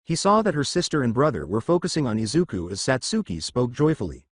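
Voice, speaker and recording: Lively male fanfic narrator. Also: mid-range voice, fast talker, slightly rough, dry recording, clean studio sound. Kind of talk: fanfic story reading.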